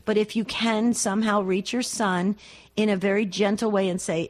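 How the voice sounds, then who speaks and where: A woman's voice: mid-range voice, steady tone, normal speed. Earnest woman radio co-host giving advice. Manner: gentle, earnest counseling. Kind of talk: call-in advice talk.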